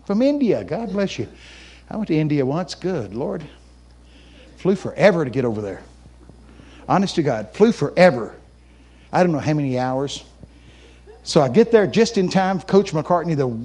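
A male preacher telling a story in an animated sermon, often raising his voice to a shout and laughing. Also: high voice. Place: church camp meeting.

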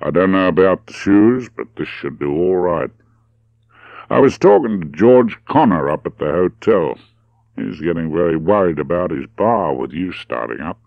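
A man's voice: low voice, animated, normal speed, gravelly, dry recording, dull audio. A man reading the lines of a friendly, teasing outback man.

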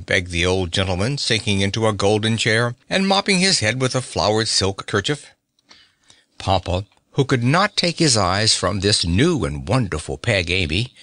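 Bright, lively male storybook narrator. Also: dry recording, studio quality. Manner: raises pitch for quoted characters. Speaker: audiobook narrator. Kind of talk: storybook narration with character voices.

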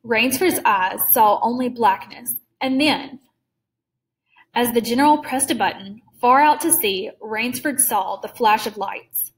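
A woman narrating a story aloud in a measured, clear storytelling manner. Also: a little high.

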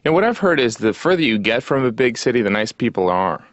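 A man from Indiana doing a deadpan stand-up comedy routine. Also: mid-range voice, fast, dry recording. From Indiana, USA. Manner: deadpan, with sudden put-on quoted voices. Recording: dry, slightly dull TV audio.

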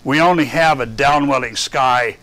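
A man running a lab session, explaining a data file while thinking aloud, halting with many fillers. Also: mid-range voice, a bit bright. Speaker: lab instructor. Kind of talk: classroom lab walkthrough.

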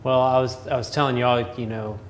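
Relaxed Southern man chatting while painting. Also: medium pitch, fairly quick, slight background noise. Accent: Southern American. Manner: relaxed, rambling, laughs often. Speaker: painting instructor. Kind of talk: casual chat while painting.

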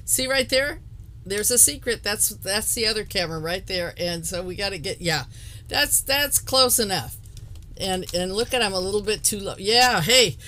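A woman's voice: medium pitch, expressive, moderate pace, pushed and bright, a little hiss or hum. A woman hosting a live craft stream, chatting casually with viewers, laughing often and rambling with restarts. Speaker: host of a live card-making stream.

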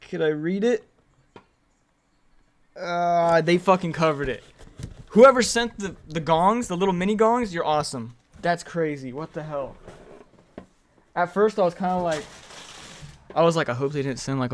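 A young man streaming a video game, chatting casually with viewers, excitable and swearing freely, yelling when the action heats up. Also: a little high, a little hiss or hum. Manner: excitable, swears freely, yells during fights. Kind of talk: casual live-stream chat and gameplay commentary.

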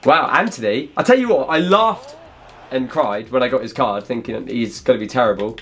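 A young man giving excited, chatty commentary over his own football video game match, often bursting into shouts. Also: medium pitch, moderate pace, a little hiss or hum. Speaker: gaming YouTuber. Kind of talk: excited live gameplay commentary.

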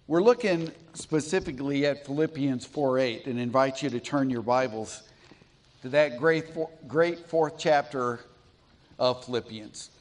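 A middle-aged man from Colorado preaching a sermon in a church, telling stories slowly and deliberately with pauses. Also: mid-range voice. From Colorado, USA. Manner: storytelling, slow and deliberate with pauses. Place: church sanctuary.

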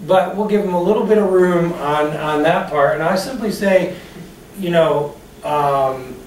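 A man giving a motivational talk on customer service, telling personal stories and asking the audience questions, recorded from a distance in a room. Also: a little high. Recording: echoey room, distant mic, faint hiss.

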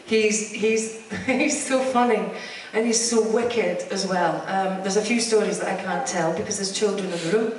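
Lively Scottish-born woman in an echoey hall. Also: mid-range voice, normal speed, few pauses, recorded from a distance. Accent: English estuary. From Scotland. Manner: bubbly, laughing anecdotes. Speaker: convention panel guest. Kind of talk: live panel storytelling. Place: convention hall on stage.

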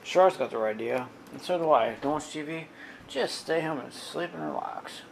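Man vlogger, gravelly and sarcastic, casual rambling delivery, faint hiss behind. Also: a little high, lively intonation, moderate pace, rough recording. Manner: sarcastic, talks to his dog.

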